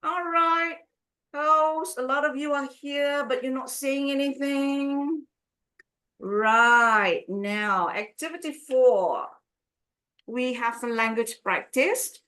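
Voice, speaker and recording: Woman, English teacher, online lesson, unhurried, higher voice, models stress. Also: bright, forceful tone. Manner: drawn-out modeling of word stress.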